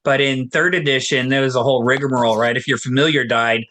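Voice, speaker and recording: A man's voice: medium pitch, fairly even intonation, fast talker, pushed and bright. A man hosting a casual podcast, asking his guest friendly follow-up questions about tabletop gaming. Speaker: podcast host. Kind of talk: casual chat.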